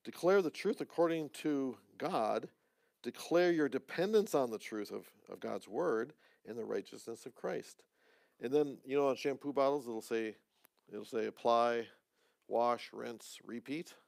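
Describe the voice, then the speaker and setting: Male pastor, gravelly tone, dry close sound; relaxed teaching sermon with jokey asides. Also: mid-range voice, moderate pace, no room sound. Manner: conversational, joking asides, restarts. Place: church.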